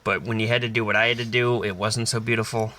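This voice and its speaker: Young male co-host, bright, forceful tone, laid-back and swears casually. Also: on the low side, little pitch movement, quick pace. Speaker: podcast co-host. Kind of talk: casual chat.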